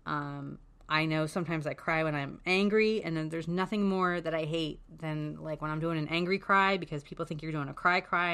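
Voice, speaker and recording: A woman's voice: sits low, moderate pace, sharp tone. A woman talking candidly as a parent advocate, giving casual, frank advice and swearing freely.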